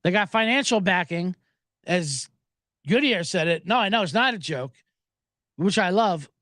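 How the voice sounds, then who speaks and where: A man's voice: high-pitched, animated, moderate pace, bright, forceful tone, no room sound, studio quality. Profane rambling sports betting host, man. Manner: profane, joking, rambling asides. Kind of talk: casual rambling commentary.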